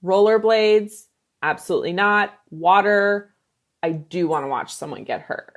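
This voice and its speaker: A woman's voice: mid-range voice, a little slow. A woman comedian guesting on a podcast, chatting casually and telling funny stories about herself with a wry edge. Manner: wry, joking, animated storytelling. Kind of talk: casual chat.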